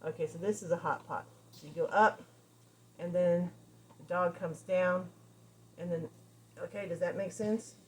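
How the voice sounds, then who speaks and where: A woman dog trainer giving a casual lesson, animated and repeating key phrases as she acts out examples. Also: lowish voice, slight background noise. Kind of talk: casual teaching talk.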